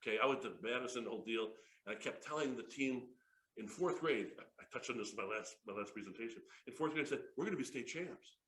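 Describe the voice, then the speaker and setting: A man in his fifties presenting a sales workshop, an excitable, jokey storyteller who laughs often. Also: mid-range voice, quick pace. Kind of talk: lively workshop talk with stories. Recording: echoey room.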